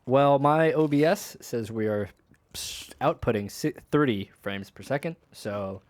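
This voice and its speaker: A man's voice: medium pitch, measured pace, darkish tone. A man casually chatting while streaming a strategy game, laughing often and swearing in passing. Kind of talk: casual gaming stream chat.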